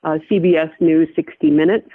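An older woman from the Midwest, a veteran journalist, telling a personal story in an interview in a measured, reflective way, often restarting her sentences. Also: low-pitched, steady tone. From American Midwest. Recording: tinny phone line.

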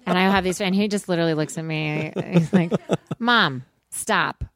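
A woman's voice: on the low side, fairly even intonation, fast, dry recording. A woman in her thirties in casual chat, dry and sarcastic in her banter.

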